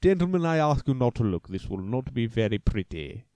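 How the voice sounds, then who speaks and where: A man voicing a calm, grim condemned older doctor in a put-on Russian accent, declaiming quickly. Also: medium pitch, no room sound, lightly acted.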